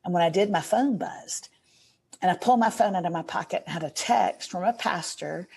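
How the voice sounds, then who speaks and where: Middle-aged woman guest on a podcast, low husky voice, earnest and gushing as she tells her story. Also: brisk, darkish tone. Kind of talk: storytelling in a casual interview.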